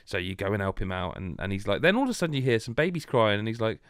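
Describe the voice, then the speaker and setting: A British man hosting a casual podcast, retelling a game story with animated energy and laughing asides. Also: fairly low pitch, very fast, clear, resonant tone, no room sound, studio quality. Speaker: podcast host. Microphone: remote video call.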